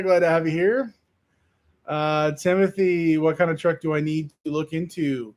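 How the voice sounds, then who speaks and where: A man hosting a casual livestream, reading viewer comments aloud and answering them in a relaxed, rambling way with plenty of fillers and restarts. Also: on the high side, normal speed. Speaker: livestream host answering chat. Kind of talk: casual live chat.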